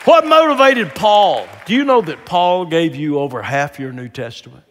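An older man delivers a sermon in a fairly high voice, dropping to near-whispers and then climbing to fervent, ringing peaks. The sound carries the long reverb of a large church hall. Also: big pitch swings, moderate pace, a faint crowd. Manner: rises from quiet emphasis to loud, impassioned preaching. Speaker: guest preacher.

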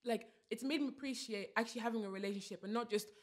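A woman's voice: a little high, quick pace. A woman, co-hosting a casual podcast chat and telling stories animatedly, often acting out quotes. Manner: animated, restarts often, quotes her mum in voices. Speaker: podcast co-host.

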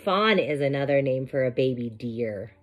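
A woman, a preschool teacher, reading a picture book aloud to young children and pausing for asides to them. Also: very deep voice, lively intonation, highs cut off. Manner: slow, drawn-out storytime voice with asides to the children.

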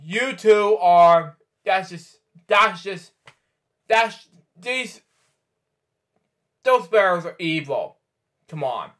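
A man with a bright, slightly high voice reads a bedtime picture book aloud. He stumbles, restarts words and wanders off into chatty asides between pages. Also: expressive, very slow, long pauses. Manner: rambling, stumbling, many restarts and side comments. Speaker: storyteller host.

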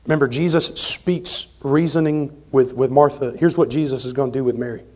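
A man preaching an expository sermon as pastor, conversational, moving between forceful emphasis and quiet asides. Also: medium pitch, moderate pace. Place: church sanctuary.

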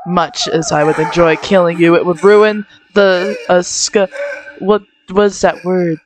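A woman's voice: fairly low pitch, fairly even intonation, unhurried, background noise, close to an everyday voice. A woman reading a smug menacing dolphin. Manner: smug, threatening, formal phrasing. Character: haughty menacing male talking dolphin.

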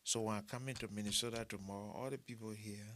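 A man's voice: on the low side, fairly even intonation, fast, fairly bright tone, a little hiss or hum. A man, preaching a sermon, telling stories and asking for money with humor, repeating short phrases for emphasis. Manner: storytelling preacher who mixes humor with appeals for money. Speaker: pastor.

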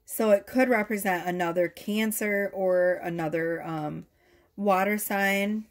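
Excitable woman doing a tarot reading. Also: mid-range voice, unhurried. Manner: gushing, excitable, swears casually. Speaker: tarot reader. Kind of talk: casual tarot reading to camera.

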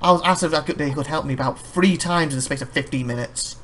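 A man rambling through casual gameplay commentary, chatty and quick to laugh. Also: a little high, a bit bright, slight background noise. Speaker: let's play host.

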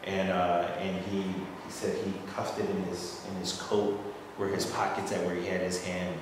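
A man with a low voice tells a personal story from the audience. He rambles and restarts, and he grows lively when quoting people. He sounds far from the mic in a long-reverb hall with clear room noise. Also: moderate pace. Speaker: audience member sharing a story. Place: assembly hall.

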